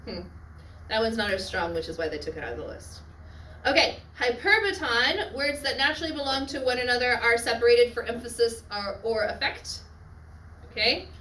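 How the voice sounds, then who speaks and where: A woman teaching a Latin class on literary devices, often checking in with her students and adding quick asides. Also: on the high side, sharp tone, slight background noise. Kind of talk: classroom lecture. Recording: echoey classroom from far off.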